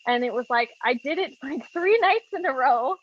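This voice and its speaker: A woman telling a personal story in an interview, earnest and open, stumbling and restarting often, and lively when she quotes her past thoughts. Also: high voice, moderate pace. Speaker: coaching client giving a testimonial. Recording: dull, lo-fi sound.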